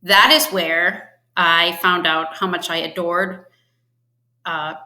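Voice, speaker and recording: A woman's voice: fairly low pitch, steady tone, slow, pushed and bright, echoey room. A woman guest on a podcast, telling her career story in casual chat and acting out the quotes. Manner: chatty storyteller, acts out quotes with laughs. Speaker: podcast guest, finance executive.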